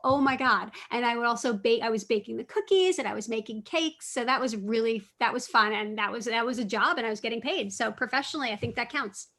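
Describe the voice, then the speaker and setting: Middle-aged woman author, slightly high voice, chatty and self-correcting, casual talk with kids. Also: fairly bright tone. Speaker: cookbook author and food writer. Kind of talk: casual talk answering students' questions.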